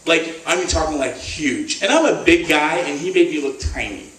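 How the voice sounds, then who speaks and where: A man telling a comic story to a live audience and acting out the people in it with lively voices. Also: a little high, normal speed. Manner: animated, acts out quotes in voices. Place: stage at a live event. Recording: roomy live venue, mic at a distance. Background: audience laughing.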